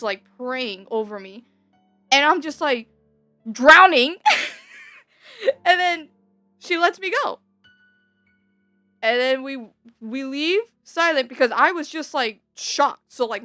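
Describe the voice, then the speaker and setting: A high-voiced young woman telling a story in a relaxed chat, laughing often as she acts out each scene. Her voice sits close and dry on the mic. Soft music plays faintly underneath. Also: no room sound.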